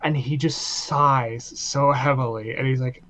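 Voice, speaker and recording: A man co-hosting a casual podcast chat, retelling scenes with laughs and lively energy. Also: mid-range voice, measured pace, poor audio. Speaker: podcast co-host.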